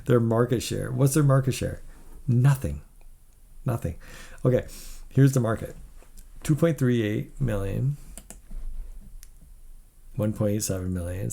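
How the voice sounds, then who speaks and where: A man's voice: medium pitch, creaky, warm tone, slightly rough. A tired man hosting a tech video, talking casually and skeptically through financial figures, blunt and rambling, yawning as he goes.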